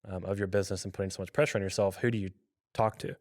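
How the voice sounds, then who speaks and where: A male podcast host speaking in a measured, thoughtful conversational way. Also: deep voice, steady tone, darkish tone. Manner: measured, thoughtful, uses "you know" often. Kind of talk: reflective conversational talk.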